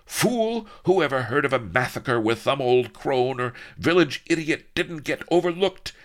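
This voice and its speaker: A man's voice: on the low side, expressive, measured pace, creaky, voice pushed up. A man voicing a huge, armored, paranoid viceroy villain who blares orders and turns oily and lisping, with a flavor. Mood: furious. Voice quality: blaring, then lisping and oily.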